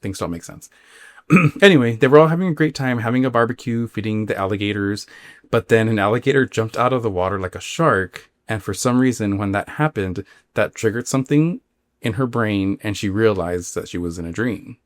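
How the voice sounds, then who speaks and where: A man's voice: fairly low pitch, fairly quick, no room sound. A man hosting a spooky podcast, casually retelling a listener's dream story with rambling asides and many fillers. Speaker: podcast host.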